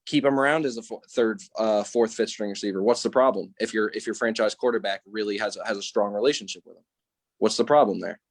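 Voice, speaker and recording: Young male podcaster, lowish voice, halting and filler-heavy in a casual sports argument, dry mic. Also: dry recording. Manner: hesitant, restarts often, many "like"s. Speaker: podcast co-host.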